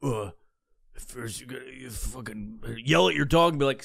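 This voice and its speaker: A man's voice: medium pitch, moderate pace, creaky, fairly bright tone. A man hosting a crude comedy podcast, ranting profanely and acting out voices mid-story. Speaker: podcast host.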